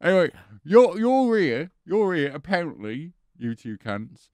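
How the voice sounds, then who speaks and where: A man's voice: on the high side, sing-song, unhurried, a little mellow, no room sound. A man hosting a comedy courtroom sketch as a judge, ranting in a foul-mouthed, aggressive way. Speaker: host playing a judge.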